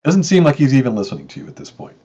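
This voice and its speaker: A man narrating a tabletop game as game master, in a relaxed, chatty way with many fillers. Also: mid-range voice, racing, husky, muffled recording.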